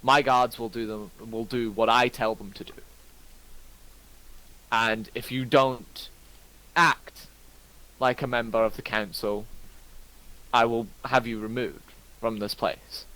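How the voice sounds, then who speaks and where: Brief: stern, steady official in a tabletop game, man voicing, low and slow. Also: rough recording. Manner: firm and measured.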